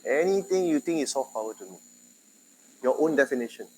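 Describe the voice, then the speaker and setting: A man's voice: expressive, a little fast, a little hiss or hum, low-quality recording. Singaporean man lecturing a class. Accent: Singaporean English with a Malay tinge. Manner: conversational, questions students, jumps in loudness and pitch. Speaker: university lecturer.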